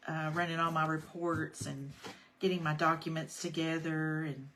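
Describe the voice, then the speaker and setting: A woman with a drawl walks through a craft project live, talking casually as she works. Her voice sits a bit low but carries a bright, forward edge. She keeps up an easy, chatty patter with her viewers. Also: flat delivery, moderate pace, slight background noise. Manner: chatty, greets viewers by name between steps. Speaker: craft tutorial host. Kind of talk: casual livestream craft demo.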